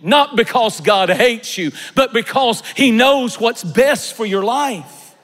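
A man with a high voice preaches a slow, deliberate sermon that swings from a hush to a shout. His words ring out with a long reverb in a large church sanctuary. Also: animated. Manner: dramatic swings from soft hush to shouted emphasis.

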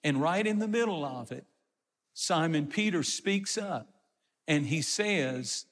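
A man's voice: a little high, expressive, takes it slowly, fairly bright tone, long reverb tail. A man preaching a sermon, retelling scripture and explaining it in plain everyday words. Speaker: pastor.

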